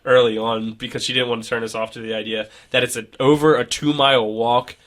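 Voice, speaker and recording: A man's voice: medium pitch, level tone, brisk, a bit bright. A young man co-hosting a casual podcast, telling a rambling travel story full of fillers. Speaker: podcast co-host. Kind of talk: casual chat.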